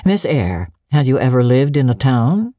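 A woman voicing a brusque, commanding middle-aged gentleman who questions curtly and gives orders. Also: rumbling low, sing-song, normal speed, no room sound, studio quality, exaggerated voice. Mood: imperious. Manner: curt, imperious questioning.

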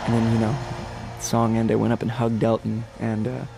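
A man in his twenties, a singer, excitedly telling a story in an interview and acting out quotes. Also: fairly low pitch, a little fast, creaky, loud music behind the voice. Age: 20s. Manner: animated, swears, acts out quotes in whispers. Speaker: guest singer.

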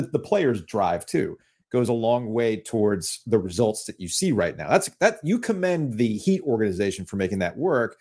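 Male sports podcast host, animated and jokey, very lively pitch. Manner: animated, jokey, mock-indignant rants. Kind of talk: casual sports chat.

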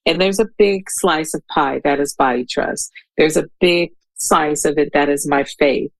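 A woman in her fifties, a guest poet talking in an interview, who speaks haltingly and searches for her words, then reads her poem aloud. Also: low-pitched, dry recording, rough recording. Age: 50s. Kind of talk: interview conversation with poetry reading.

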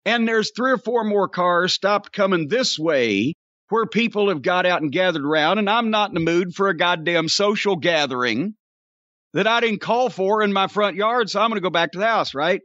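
A man hosting a podcast, telling a profane, animated story and acting out the shouting in it. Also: high-pitched, normal speed, dry recording. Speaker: podcast host. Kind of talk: storytelling rant. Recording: dull lo-fi dry podcast recording.

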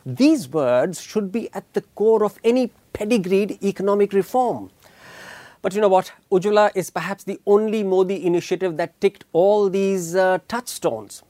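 A middle-aged man with an Indian English accent hosting an opinionated news commentary, emphatic and deliberate, with frequent filler pauses. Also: sits high, darkish tone, no echo. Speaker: commentary show host.

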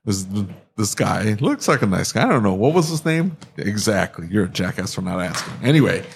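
A man's voice: fairly low pitch, sing-song, fairly quick, gravelly, a little hiss or hum. A man co-hosting a podcast, chatting casually, telling rambling, self-mocking stories and laughing often. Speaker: podcast co-host, auto shop owner. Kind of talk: casual chat.

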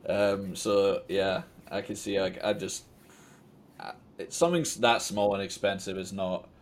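A man's voice: low-pitched, unhurried. A Scottish man in his thirties, a poker player telling stories in a casual interview, rambling and self-mocking, swearing freely. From Scotland. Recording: faint background noise.

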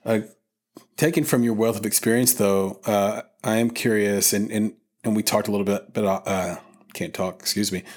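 A man's voice: on the low side, fairly even intonation, normal speed, darkish tone. A man hosting a podcast, asking questions in a loose, conversational way with fillers and restarts. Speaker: podcast host. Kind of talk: casual interview chat.

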